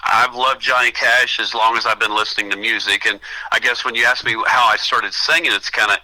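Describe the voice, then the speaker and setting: A man's voice: mid-range voice, steady tone, a little fast, bright, forceful tone, low-quality recording. An older man, a singer guest, telling rambling stories in a casual radio interview, often acting out what others said. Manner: rambling anecdotal storyteller with restarts and quoted voices.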